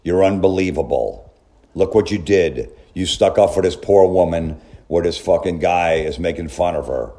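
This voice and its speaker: A man's voice: sits low, warm tone. A man tearing apart a story in a sarcastic, profane comedic rant, full of incredulous questions. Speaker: comedy commentator.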